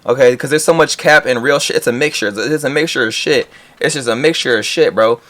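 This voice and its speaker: A man's voice: mid-range voice, fast talker, a bit bright. A man giving casual, blunt reaction commentary on a video, talking in slang and sounding incredulous. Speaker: reaction streamer.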